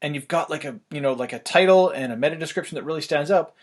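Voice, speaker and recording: A man, talking fast and loosely with lots of fillers as he explains online marketing, a little out of breath. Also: a little high. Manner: rapid, loose, filler-heavy delivery. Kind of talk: casual fast explainer talk.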